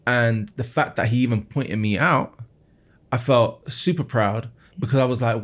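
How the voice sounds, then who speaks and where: A man's voice: medium pitch, moderate pace. A man in his thirties, a musician being interviewed, telling his story earnestly with frequent restarts and repeated words. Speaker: guest musician.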